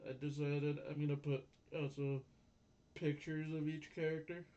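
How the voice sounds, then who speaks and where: A man's voice: fairly high pitch, flat delivery, normal speed, mellow, highs cut off. A man casually talking through anime episodes with a friend, restarting words and chuckling between points. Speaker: podcast co-host. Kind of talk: casual anime recap chat.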